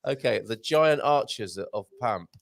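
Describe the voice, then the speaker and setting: A man's voice: medium pitch, a little slow. Jokey British man hosting a morning show. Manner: jokey, animated, reads viewer comments aloud. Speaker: show host. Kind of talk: casual live-stream chat.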